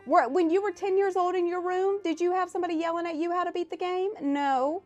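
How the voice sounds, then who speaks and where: A woman game streamer chatting casually on a live stream and telling stories animatedly, her voice swinging between loud and soft. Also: extremely high pitch, fairly even intonation, a little fast, dull audio, faint music behind.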